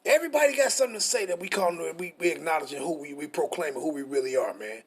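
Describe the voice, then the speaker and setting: Husky-voiced man preaching, high pitched. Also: animated, rapid-fire. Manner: frustrated, profane, repetitive preaching. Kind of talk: informal scripture teaching.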